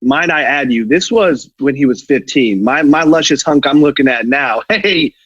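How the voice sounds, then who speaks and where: A man's voice: medium pitch, lively intonation, moderate pace, fairly bright tone, slightly rough, no echo. A man co-hosting a podcast, chatting casually and throwing in teasing, playful remarks. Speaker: podcast co-host. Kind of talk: casual chat. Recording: dry, dull lo-fi mic.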